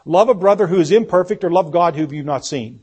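Husky male preacher. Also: high-pitched, brisk, darkish tone. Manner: reads scripture aloud, repeats key words for emphasis. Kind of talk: sermon.

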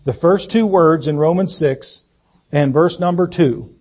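Pastor, male, somewhat raised pitch, measured emphatic sermon delivery from the pulpit of a church. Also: darkish tone, slightly rough. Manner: deliberate, emphatic preaching with fillers and restarts. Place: church sanctuary.

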